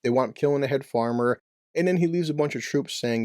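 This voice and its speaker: A man's voice: medium pitch, a little fast, darkish tone, no room sound, studio quality. A man giving a casual, brash, joking movie review with some profanity.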